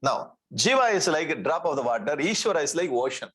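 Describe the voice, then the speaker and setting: A swami teaches scripture in a slightly husky, fairly high voice. He repeats Sanskrit terms and checks in with his listeners. He keeps the tone light with gentle humor. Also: big pitch swings, brisk, low-quality recording. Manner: repeats Sanskrit terms, asks "okay?" often. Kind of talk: spiritual lecture.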